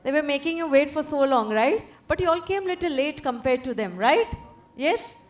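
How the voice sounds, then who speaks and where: A woman's voice: sits high, animated, normal speed. A woman with an Indian English accent hosting a live event in a hotel hall, teasing and coaxing the crowd to get their energy up. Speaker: event host. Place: large indoor hotel hall.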